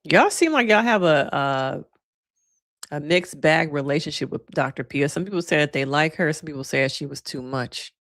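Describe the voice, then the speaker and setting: A woman therapist talks through a reality show in a loose, chatty way and speaks straight to her viewers. Her voice sits a bit low. She is animated and often slips into acting out what others said. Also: moderate pace. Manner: chatty and animated, addresses viewers as y'all, acts out quotes. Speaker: licensed therapist and reaction commentator. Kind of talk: casual reaction vlog commentary.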